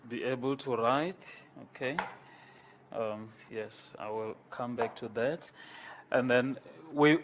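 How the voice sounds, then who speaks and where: A man lecturing a class on Greek, slow and halting, with many pauses and repeated words. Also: medium pitch.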